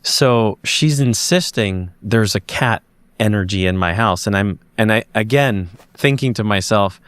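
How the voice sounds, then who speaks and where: This Montreal-based man, a podcast guest, recounts a personal story unhurriedly in a fairly low, clear, resonant voice on a dry recording. He keeps it casual but animated, acting out each bit of dialogue.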